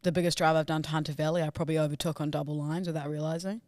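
A man co-hosting a podcast, teasing his friend with quick jokey quips. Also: a little high, flat delivery, a little mellow, no echo, studio quality. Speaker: podcast co-host. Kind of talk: casual chat.

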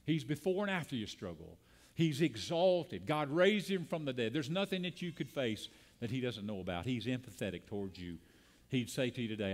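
A man's voice: mid-range voice, lively intonation, normal speed. A man preaching a sermon as a pastor, speaking to a congregation, calling out lines for them to repeat and building to emphatic peaks. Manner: preaching with call-and-response and rising emphasis. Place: church sanctuary.

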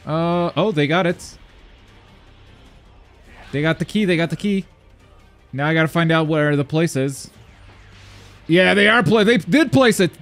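A man commentating his own online game as he plays, talking to himself, muttering asides and then yelping loudly when things go wrong. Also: on the high side, measured pace, pauses often, faint music behind. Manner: excitable, swings from mumbled asides to loud yelps. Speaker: gaming YouTuber. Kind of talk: live gameplay commentary.

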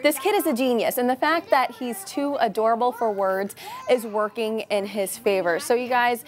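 A woman's voice: fairly high pitch, moderate pace. Wry, teasing woman news anchor. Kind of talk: light news segment. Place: TV studio anchor desk.

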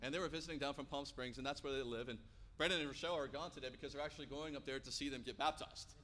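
A man in his thirties preaching a sermon in church, telling stories and acting out the quotes with lively energy. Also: medium pitch, racing, a little hiss or hum. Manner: animated storytelling, acting out quotes. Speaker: pastor. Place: church sanctuary. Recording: long church hall reverb.

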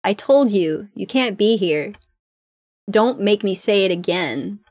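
A woman's voice: mid-range voice, animated, takes it slowly, a little mellow, no echo. A woman voicing an edgy, cold young shark boy who talks in curt threats. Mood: cold menace.

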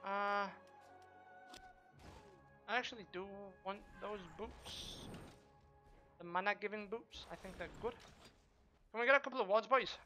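Brash, bright-voiced gaming streamer man. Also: sits high, soft background music. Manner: brash, profane, quick to trash-talk; excitable shouts during fights. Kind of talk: live gameplay commentary.

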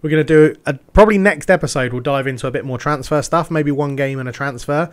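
A man's voice: on the high side, fast talker, clear, resonant tone. A man playing a football management game, calling the match like a commentator and chatting through his choices with self-mocking asides. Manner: excitable, swells loud on big moments. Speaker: gaming YouTuber. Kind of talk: mock football commentary over gameplay.

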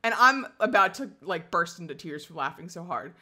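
A woman co-hosting a casual chat, telling an animated story with frequent laughter and sarcastic asides. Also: fairly low pitch, moderate pace. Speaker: podcast co-host.

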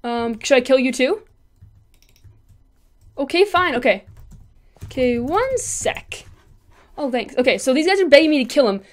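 A woman with a high voice narrates her gameplay live. She is excitable, chattering to herself and taunting the other players as she goes. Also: measured pace, pauses often. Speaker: gaming channel host.

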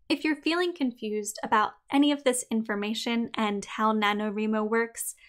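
A young adult woman hosting a podcast, reading a scripted episode in an upbeat, clearly enunciated way. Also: a little high. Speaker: podcast host.

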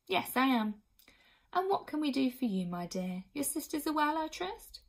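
Woman doing a soft-voiced, gentle queen, raised pitch, storybook reading. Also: sing-song, normal speed, creaky, heavily acted. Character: gentle, anxious queen mother.

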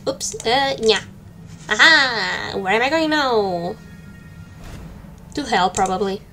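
A woman's voice: on the high side, animated, slow pace, long pauses, sharp tone, soft background music. A woman streaming a game with casual, joking commentary and flustered muttering. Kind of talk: casual let's-play commentary.

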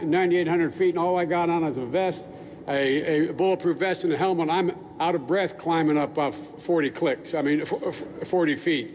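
An older man speaks at a podium in a large hall, and his fairly high voice rings out with a long reverb. He talks in a folksy, rambling way, breaking off for asides and starting sentences over. A faint hiss sits under the recording. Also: a little mellow. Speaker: speaker addressing troops. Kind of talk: public speech.

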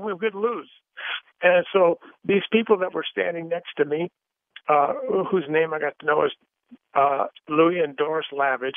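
A man's voice: on the high side, dry recording. Older man telling a story over a phone line. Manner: rambling with many fillers and restarts. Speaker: guest speaker on a Christian radio show. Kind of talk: casual testimony storytelling. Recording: dry, tinny phone-line sound.

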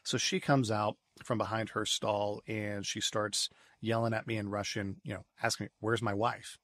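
A man, a podcast guest, telling stories in a lively conversational way and often repeating words as he restarts. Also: on the low side, normal speed, no room sound, clean studio sound. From United States. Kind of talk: storytelling in a conversational interview.

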